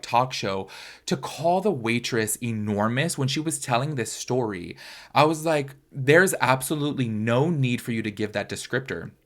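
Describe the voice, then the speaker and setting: A young man hosting a casual pop-culture podcast, chatty and opinionated, often calling his listeners "y'all". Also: fairly low pitch. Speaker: podcast host.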